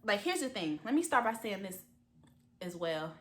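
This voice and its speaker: A woman in her twenties speaks openly in a confessional vlog, her voice bright and forceful. She talks in a halting way with lots of fillers. She sounds close to tears as she speaks. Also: mid-range voice, big pitch swings, reverberant. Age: 20s. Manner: candid, emotional, halting with many fillers. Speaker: vlogger.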